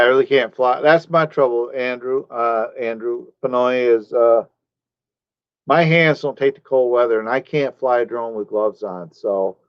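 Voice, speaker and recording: A man's voice: mid-range voice, dry recording. Man, live streamer, rambling casual chat, dry close mic, dull lo-fi sound. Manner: rambling, talks to chat viewers by name.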